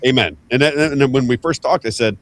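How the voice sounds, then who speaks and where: A man's voice: mid-range voice, fairly quick, a little hiss or hum. A man hosting a political talk show, chatting emphatically with a guest and often repeating himself as he talks. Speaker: host.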